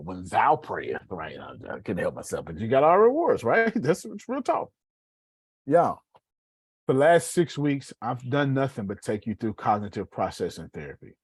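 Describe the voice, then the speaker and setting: A man teaching a class, animated and slangy, joking and acting out examples. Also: medium pitch, breathy edge, no room sound.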